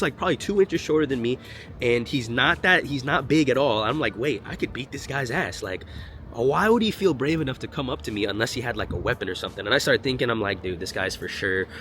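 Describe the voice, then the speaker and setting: Young guy rattling off a story fast, swears a lot, super animated. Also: mid-range voice, a little hiss or hum. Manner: animated, profane, slangy. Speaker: vlogger. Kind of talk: storytime vlog.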